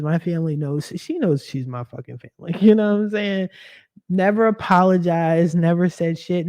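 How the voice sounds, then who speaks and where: A woman's voice: on the low side, darkish tone. A young adult woman hosting a podcast, telling a personal story in a blunt, profane way and laughing often. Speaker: podcast host.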